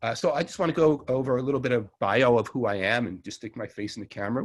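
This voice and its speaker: A man's voice: medium pitch, fast talker, hardly any pauses. A middle-aged man with a Long Island New York accent, teaching an online herbalism class in a chatty, rambling way that often corrects itself. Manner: rambling, chatty, self-correcting with small laughs. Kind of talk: casual online class lecture.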